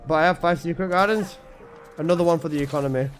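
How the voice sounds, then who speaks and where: A man's voice: a little high, fast talker, soft background music. A young man chatting casually on a game stream, joking crudely and laughing at his own lines. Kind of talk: casual live-stream chat.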